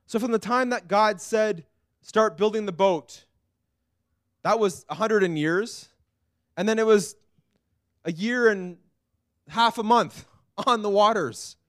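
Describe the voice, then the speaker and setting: A man preaching a sermon as pastor, earnest, dropping to a hush and rising to loud pleading. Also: high-pitched, clean tone, dry recording, clean studio sound. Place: church.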